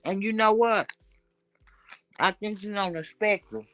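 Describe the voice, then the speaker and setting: A woman hosting a casual chat, blunt and animated as she gossips. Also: medium pitch, unhurried, slight background noise. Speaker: show host.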